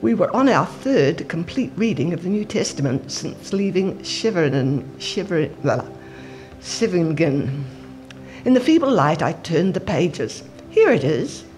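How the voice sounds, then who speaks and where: A woman's voice: on the low side, a little slow, soft background music. Woman reading aloud with expression. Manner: steady expressive reading, stumbles on names. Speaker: scripture reader. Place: church.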